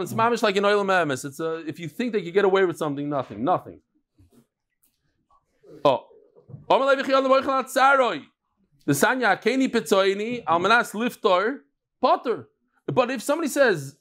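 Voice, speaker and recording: High-pitched joking male Talmud teacher. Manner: lively, joking, mixes Yiddish and Hebrew terms into English. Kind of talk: Talmud lecture.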